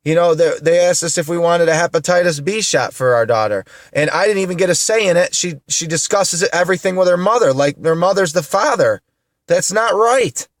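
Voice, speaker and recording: A man's voice: a little high, a little fast, hardly any pauses, dry recording, clean studio sound. A man in his thirties from upstate New York, venting to the camera in an upset, indignant way, tearful and repeating himself. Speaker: vlogger.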